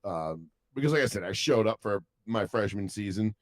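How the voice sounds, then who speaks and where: A young man co-hosting a podcast, rambling through stories in casual chat, swearing a lot and acting out what people said in lively voices. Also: on the low side, moderate pace, dry recording. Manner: rambling storytelling, heavy swearing, animated quoted voices. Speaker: podcast co-host.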